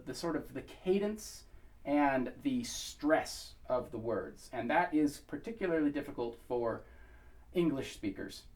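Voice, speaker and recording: An American man of medium pitch talks through a pronunciation lesson in an easy, unhurried way, pausing often to find his words. He sits a little back from the microphone, so his voice sounds somewhat distant. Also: darkish tone. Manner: thoughtful, many ums and uhs, sings short vocable demonstrations. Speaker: pronunciation instructor. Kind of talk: relaxed spoken tutorial.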